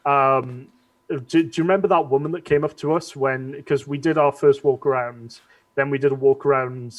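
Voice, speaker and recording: Male guest, mid-pitched, halting and hesitant delivery. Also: fairly even intonation. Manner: hesitant, many fillers and restarts. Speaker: guest cosplayer. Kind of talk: casual chat.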